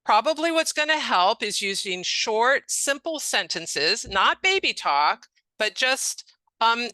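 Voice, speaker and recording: A woman's voice: medium pitch, bright, forceful tone, no room sound, poor audio. A middle-aged woman, a speech-language pathologist, giving a conversational webinar lecture and acting out example phrases as she explains. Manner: conversational, explanatory, frequent "um" and "you know", acts out example phrases.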